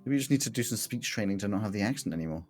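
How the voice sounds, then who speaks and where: A man's voice: on the low side, lively intonation, racing, slightly rough, soft background music. A man running a tabletop game as game master, with a dry, wry way of talking.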